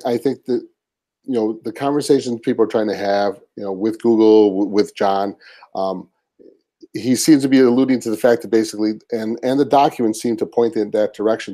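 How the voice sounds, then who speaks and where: Low, mellow man explaining with many fillers. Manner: hesitant, many fillers, measured. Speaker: webinar guest expert. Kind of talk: casual expert explanation.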